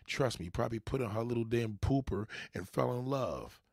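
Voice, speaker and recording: Male reaction commentator with a gravelly voice, mocking and profane, recorded dry. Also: medium pitch, brisk, a little mellow, dry recording. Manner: mocking, heckling, swears heavily. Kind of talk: profane rant over a played interview.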